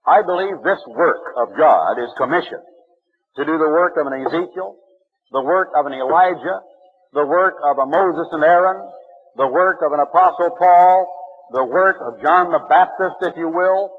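A man's voice: fairly high pitch, expressive, moderate pace, breathy edge. A man preaching an impassioned radio sermon, his voice swinging widely and rising in emphasis. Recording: muffled old radio broadcast.

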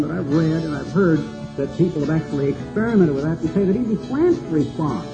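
An older man preaching a sermon, slow and cadenced, building long repeated lists. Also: medium pitch, poor audio.

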